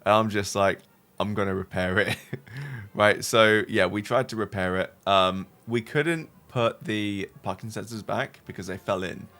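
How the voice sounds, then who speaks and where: A man casually telling a long story to his stream chat, animated and rambling, swearing freely and tagging sentences with "right?". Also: lowish voice, a little slow. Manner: animated, rambling, swears a lot, tag questions. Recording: faint music behind. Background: faint music.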